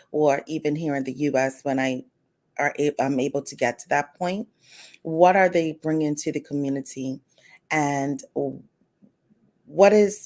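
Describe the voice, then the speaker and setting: A woman co-hosting a talk show in a notably low voice. She talks thoughtfully and a bit hesitantly, pausing with ums. The tone is casual studio conversation. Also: darkish tone.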